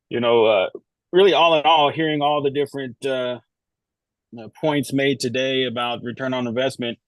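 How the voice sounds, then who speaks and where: Man joining a video-call roundtable, earnest, dry close sound, mid pitch, repeats himself mid-thought. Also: no room sound, poor audio. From Texas, United States. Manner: earnest, repeats words while thinking. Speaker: roundtable attendee. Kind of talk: online roundtable remarks.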